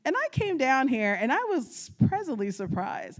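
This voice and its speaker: A woman from New York giving a storytelling presentation as a guest speaker, animated and often laughing as she acts out her family's words. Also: sits high, moderate pace. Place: lecture at a state archives building.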